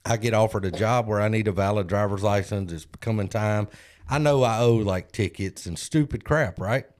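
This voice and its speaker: A man's voice: lowish voice, normal speed, a little mellow. A man, co-hosting a podcast and telling a candid, self-deprecating story in casual chat. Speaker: podcast co-host.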